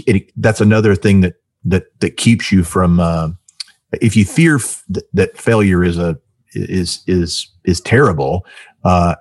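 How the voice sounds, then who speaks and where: A very deep, husky man hosts the interview and thinks aloud in halting, reflective phrases. The recording is dry and close. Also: darkish tone, no echo. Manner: halting, reflective, many restarts. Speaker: host. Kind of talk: conversational interview.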